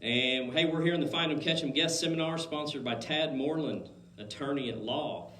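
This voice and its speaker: A man's voice: on the high side, moderate pace, few pauses, sharp tone. Breathless chatty radio host man. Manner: easygoing, chatty, folksy. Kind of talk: casual radio interview. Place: radio studio. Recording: roomy studio echo.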